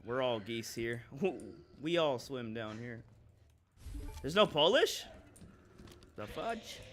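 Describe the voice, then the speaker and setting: A man's voice: medium pitch, expressive, slow, a bit bright, a little hiss or hum. A man streaming a video game, chatting casually and joking, laughing often and tossing in Spanish exclamations. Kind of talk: casual chat while gaming.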